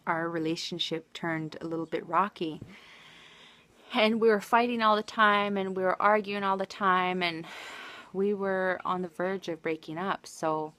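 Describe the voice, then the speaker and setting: A woman's voice: lowish voice, fairly even intonation, a little slow, a bit bright. A married woman livestreaming, telling a personal story in an emotional, rambling way full of restarts. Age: adult, married.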